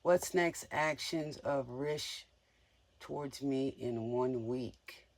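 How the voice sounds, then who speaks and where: A man's voice: medium pitch, slow, slight background noise. A man giving a casual live tarot reading in a playful, joking way, often giggling. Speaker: tarot reader.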